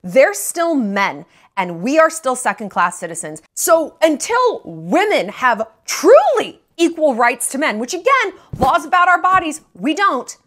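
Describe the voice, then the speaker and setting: A woman's voice: sits high, big pitch swings, measured pace, few pauses, a bit bright. A woman in her late thirties giving a blunt, profane, sarcastic movie review rant on her vlog, mocking other people's voices. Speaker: vlogger.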